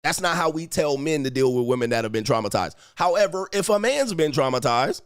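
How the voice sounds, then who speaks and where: A man's voice: medium pitch, huge pitch swings, unhurried, long pauses, no echo, studio quality. A man hosting a livestream, reading viewer messages and commenting in a mocking, slangy way with frequent laughs. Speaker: livestream host reading super chats. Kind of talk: casual commentary. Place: home studio.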